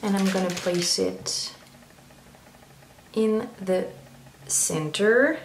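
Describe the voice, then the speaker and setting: A woman chatting casually through a makeup tutorial, meandering and filling pauses with ums. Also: mid-range voice, gravelly, a little hiss or hum. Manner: chatty, meandering, frequent fillers. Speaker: beauty vlogger. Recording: roomy echo.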